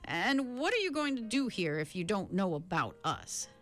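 A woman's voice: medium pitch, big pitch swings, moderate pace, a bit bright, soft background music. A woman reading the part of an anxious boy newspaper carrier who recites his words stiffly, as if from a manual. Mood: stiff, recited.

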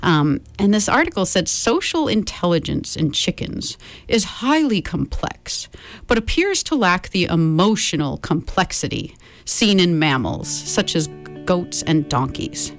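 Slow, expressive woman reading a storybook aloud. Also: lowish voice, dry recording, faint music behind. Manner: friendly, addresses listeners directly. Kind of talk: reading a picture book aloud.

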